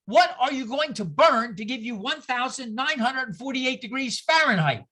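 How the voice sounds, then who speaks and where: Animated woman lecturing with sarcasm. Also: sits high, normal speed, slightly rough. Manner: animated, acts out voices with exaggerated outbursts; sarcastic, conversational teaching. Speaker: speaker giving a talk on scripture. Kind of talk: lively lecture.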